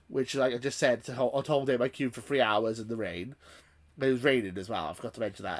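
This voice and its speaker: A man's voice: medium pitch, animated, fast. A man hosting a YouTube channel, ranting in a casual vlog with frequent restarts and swearing.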